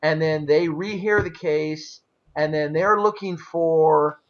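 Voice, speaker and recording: A man's voice: on the high side, slow pace. A man hosting a casual interview, plainspoken and explaining at length with folksy asides. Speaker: interview host, former elder. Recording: dull lo-fi audio.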